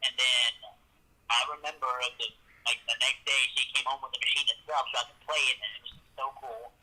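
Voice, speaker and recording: A man's voice: mid-range voice, steady tone, a little fast, gravelly, sharp tone, poor audio. A man in his thirties hosting a podcast, rambling casually and repeating his words as he reminisces. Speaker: podcast host. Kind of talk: casual chat.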